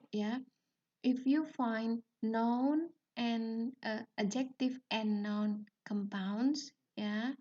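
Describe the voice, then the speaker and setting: In a recorded linguistics lecture, a woman with an Indonesian accent repeats key terms and checks in often with "yeah" and "okay." Her voice is on the high side and warm, and the lo-fi recording sounds distant and dull.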